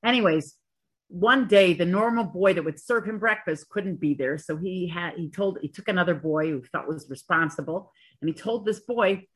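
This woman's voice is husky and on the low side, and she talks a little fast. As a Torah teacher, she delivers an earnest, story-driven talk laced with Hebrew and Yiddish terms and conversational asides.

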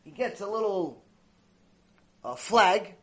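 A man's voice: sits high, slow. A man teaching a mussar lecture, who tells stories with lots of life, repeats his phrases and mixes in terms. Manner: animated storytelling with Hebrew terms, repeats phrases. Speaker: Torah teacher.

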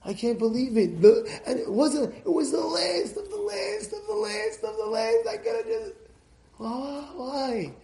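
A man's voice: very high-pitched, big pitch swings, measured pace, gravelly, mellow, roomy sound, pitched above the performer's own voice, exaggerated voice. A man voicing a distraught young woman who pleads in confusion. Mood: dismayed. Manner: pleading, dismayed.

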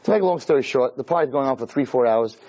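A man giving a weekly Torah talk as a lively, chatty storyteller who drops in Hebrew terms. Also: medium pitch, fast, lo-fi sound. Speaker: Torah lecturer.

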